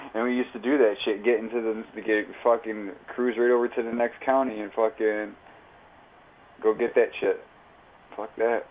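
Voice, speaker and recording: A man's voice: fairly low pitch, little pitch movement, moderate pace, slight background noise. Profane rambling man. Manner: profane, rambling, heavy on slang and fillers. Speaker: live streamer. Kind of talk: casual storytelling. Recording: tinny phone-like audio.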